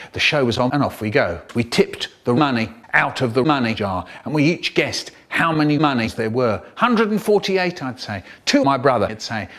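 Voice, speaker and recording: Lively man telling a comic story. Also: medium pitch. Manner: animated, exaggerated storyteller voice leaping up and down. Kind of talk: comic storytelling, spliced into a remix.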